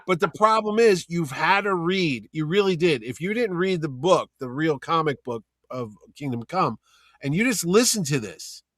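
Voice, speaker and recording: A man co-hosting a casual chat, animated and acting out voices in his stories. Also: a little high, moderate pace, no room sound, studio quality. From Connecticut. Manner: animated, acts out voices when retelling scenes. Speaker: podcast co-host.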